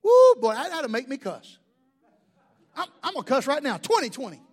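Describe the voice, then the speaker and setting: Middle-aged male pastor with a very high voice, a folksy preacher who jokes and quizzes his congregation. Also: sing-song, moderate pace, a bit bright, slight background noise. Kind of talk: sermon.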